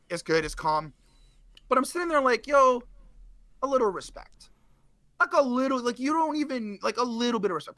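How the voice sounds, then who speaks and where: A man, a guest in a casual interview, telling a story in an animated, slangy way with swearing. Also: very high voice, gravelly, no room sound.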